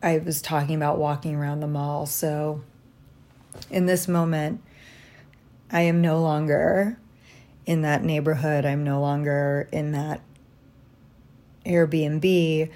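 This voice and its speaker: A woman talking through a personal diary vlog from a hotel room, reflective and halting, tired after little sleep. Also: low-pitched, flat delivery. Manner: reflective, halting, soft-spoken. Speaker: vlogger.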